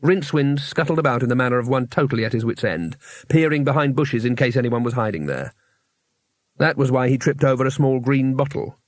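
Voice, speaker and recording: A man narrating a fantasy story in a measured storytelling way. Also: mid-range voice, lively intonation, no echo. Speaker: audiobook reader. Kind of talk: scripted narration.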